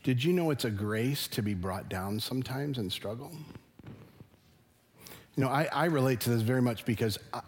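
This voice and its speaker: A man's voice: mid-range voice, darkish tone. Earnest middle-aged male pastor preaching. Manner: earnest, conversational preaching with rising emphasis. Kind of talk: sermon. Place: church sanctuary.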